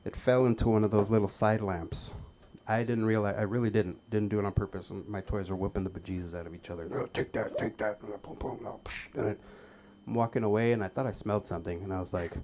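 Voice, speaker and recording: A man doing stand-up at an open mic, telling childhood stories with stammered starts and loud acted-out quotes. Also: lowish voice, steady tone, quick pace, a little hiss or hum. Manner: stammering, acts out shouted quotes. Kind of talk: stand-up storytelling. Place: comedy club stage.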